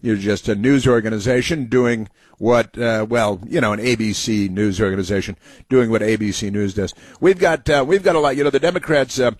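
A man's voice: on the low side, brisk, no room sound. A man hosting a political commentary monologue in a sarcastic, mocking manner.

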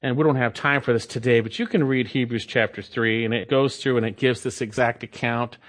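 A man's voice: mid-range voice, fairly even intonation, fairly quick. A man preaching a sermon, earnest and emphatic, building up to stressed points and mimicking complainers. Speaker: pastor.

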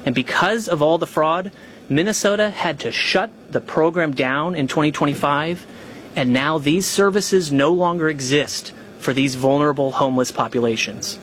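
A man, a government official, delivering a formal prepared statement at a press conference in a measured, deliberate way. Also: fairly high pitch, fairly bright tone. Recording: press conference feed with faint noise.

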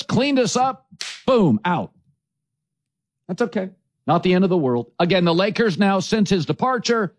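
A man's voice: high-pitched, no room sound. A man hosting a sports talk show, giving blunt, emphatic opinions. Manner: emphatic, blunt, animated delivery.

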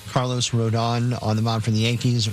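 A man's voice: medium pitch, monotone, moderate pace, faint music behind. A man co-hosting a sports radio show, reading betting lines in a matter-of-fact way with fillers.

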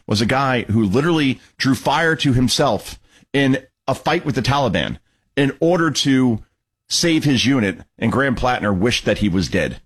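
Male talk radio host, husky and lively, mocking commentary. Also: medium pitch. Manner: mocking, sarcastic, emphatic.

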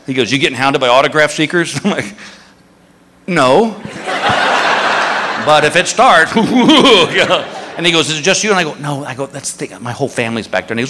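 A man's voice: a little high, brisk, big-room sound, a little hiss or hum. A man doing stand-up, telling a story and acting out the people in it. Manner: animated, acts out voices of people in the story. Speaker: stand-up comedian.

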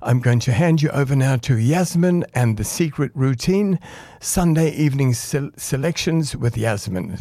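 A man's voice: mid-range voice, animated, normal speed, mellow, dry recording, clean studio sound. A man hosting a community radio music show, signing off in an upbeat, friendly announcing manner and a little out of breath. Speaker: radio DJ and host.

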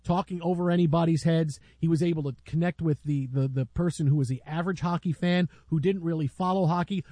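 A man's voice: a little high, no room sound. A man hosts a loose sports talk show, storytelling with frequent restarts and a slightly raised voice. The recording is dry and close, with no room sound. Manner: rambling, many restarts, lively storytelling.

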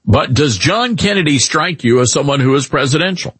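A man hosting a talk radio show, giving animated, mocking opinions and chatting with a co-host. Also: fairly high pitch, brisk, husky, dry recording.

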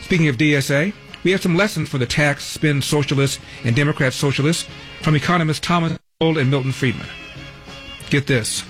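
A man's voice: fairly high pitch, a little fast, fairly bright tone, soft background music. A man hosting a talk radio show, delivering news headlines with wry, sardonic asides. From Los Angeles.

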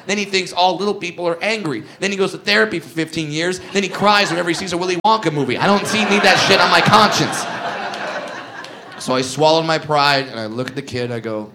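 High-voiced, profane stand-up comedian. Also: male voice, fast talker. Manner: swings from hushed storytelling to shouted punchlines; profane, sarcastic. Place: comedy stage before a live audience.

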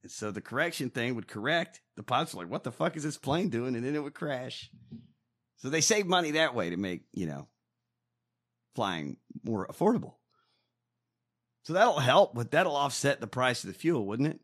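A man's voice: mid-range voice, moderate pace, long pauses. A man co-hosting a casual podcast, ranting with lots of swearing. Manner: profane, animated ranting. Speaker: co-host.

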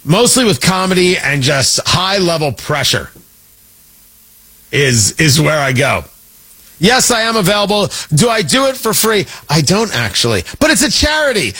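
A man hosting a political commentary show, talking in a sarcastic, animated monologue that swings his pitch for emphasis. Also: slightly rough. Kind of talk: opinionated monologue.

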